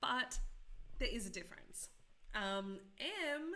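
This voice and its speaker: Bright-voiced woman teaching code live. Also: a little high, animated, slow. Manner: chatty, self-deprecating, asks the chat questions. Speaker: coding teacher. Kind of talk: live-streamed coding tutorial.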